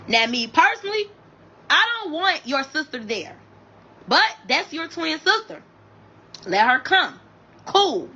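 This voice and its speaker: High, bright-voiced woman telling her story live. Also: a little slow, pauses often, dull audio. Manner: animated, addresses viewers as y'all, profane and emphatic. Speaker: bride telling her wedding story on a livestream. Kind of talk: casual storytelling to a live audience. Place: at home in bed.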